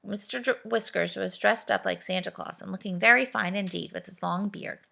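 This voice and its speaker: A woman reading a children's storybook aloud in a gentle, steady manner. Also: mid-range voice, normal speed, gravelly. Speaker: reader.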